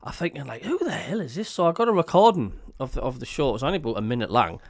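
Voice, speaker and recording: A man's voice: medium pitch, rapid-fire, vocal fry, no echo, studio quality. A man with a Sunderland accent hosting a casual podcast, telling stories animatedly. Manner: animated storytelling with laughter and quoted voices. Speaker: host.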